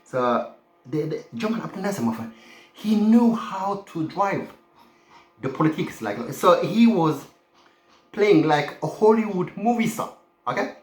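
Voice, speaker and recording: A man's voice: sits high, big pitch swings, unhurried, long pauses, darkish tone. A man from the Horn of Africa talking in a loose, rambling monologue, forever adding "my friend" and "okay?". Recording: roomy echo.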